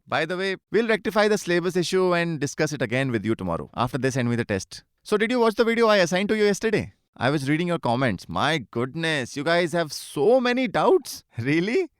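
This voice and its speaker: Lively, high-voiced male teacher. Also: dry recording, studio quality. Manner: chatty, repeats greetings and checks often. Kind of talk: live online class.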